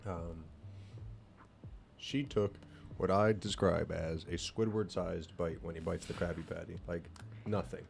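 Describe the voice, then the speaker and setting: A man's voice: low-pitched, fairly even intonation, measured pace, vocal fry, slight background noise. A laid-back man telling a rambling story in casual podcast chat, swearing now and then. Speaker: podcast co-host.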